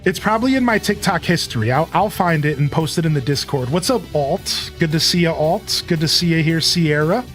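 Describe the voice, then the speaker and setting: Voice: medium pitch, expressive, brisk, hardly any pauses, soft background music. A streamer chatting casually with a live audience, telling a story loosely and greeting viewers by name.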